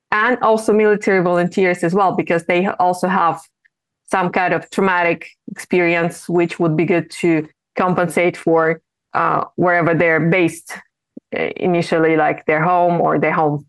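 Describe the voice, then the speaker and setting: A woman with a Ukrainian accent, a volunteer guest speaking in a podcast interview, measured and hesitant with frequent fillers. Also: lowish voice, no room sound.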